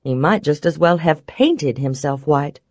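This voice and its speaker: A woman narrating a first-person story in a wry, expressive way. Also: deep voice, measured pace, dry recording, clean studio sound. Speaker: audiobook narrator.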